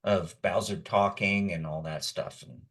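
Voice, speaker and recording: A man's voice: low voice, fairly even intonation, unhurried, a bit bright, slightly rough. A man in his sixties, a guest voice actor, telling long rambling anecdotes with chuckles in a casual chat. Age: 60s. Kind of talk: casual storytelling.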